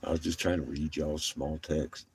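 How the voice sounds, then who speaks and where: A man's voice: very deep voice, fairly even intonation, normal speed, slightly rough. A man livestreaming from his vehicle, chatting casually with viewers, laughing often and swearing freely.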